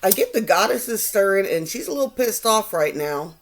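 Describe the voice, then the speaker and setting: Animated woman giving a tarot reading. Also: medium pitch, a little fast, background noise. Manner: animated, quotes people in mocking voices. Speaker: tarot reader. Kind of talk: casual channeled tarot reading.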